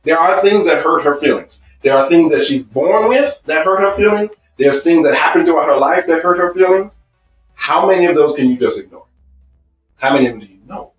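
A man's voice: a little high, animated, fairly quick, roomy sound, distant mic, faint music behind, poor audio. A man teaching a marriage seminar in an emphatic, repetitive way, building points with personal stories. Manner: emphatic and repetitive, stacking phrases. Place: seminar room.

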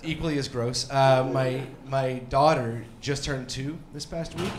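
A man's voice: mid-range voice, steady tone, a little slow, noisy background. Rambling man doing stand-up in a roomy club. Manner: rambling, self-deprecating, bursts into mock yelling. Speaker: stand-up comedian. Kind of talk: stand-up comedy set. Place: comedy club stage. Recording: roomy club with faint crowd ambience.

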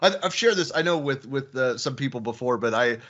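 A man's voice: medium pitch, expressive, a little fast, fairly bright tone, highs cut off. A middle-aged man hosting a casual online panel, a chatty storyteller who laughs often. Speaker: host.

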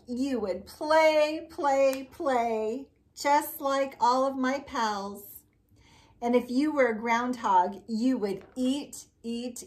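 A woman teaching a circle time lesson to young children, talking in a slow, exaggerated, sing-song way. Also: fairly high pitch. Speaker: preschool teacher.

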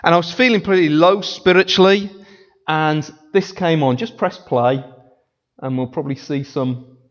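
A man preaching a sermon as a pastor, animated and playful, often mimicking voices and singing snippets. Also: on the high side, normal speed. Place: church sanctuary. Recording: dull lo-fi sound in a large reverberant church hall.

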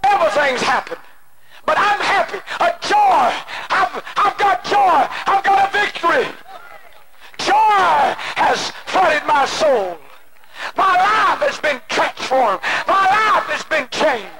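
A male preacher delivering an impassioned sermon, moving between shouted pleading and hushed personal storytelling. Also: very high voice, animated, measured pace. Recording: noisy old cassette tape.

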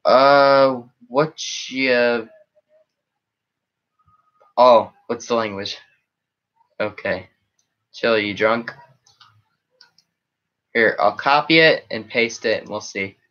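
Slow-talking man rambling on a live stream. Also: medium pitch, lo-fi sound. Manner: rambling, reacting to chat comments. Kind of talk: casual live stream chat. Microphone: webcam setup.

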